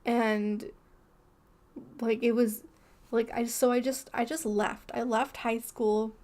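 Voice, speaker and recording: Young woman, podcast co-host, rambling casual story, slightly high voice, unhurried. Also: a little mellow. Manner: rambling, lots of "like" and restarts.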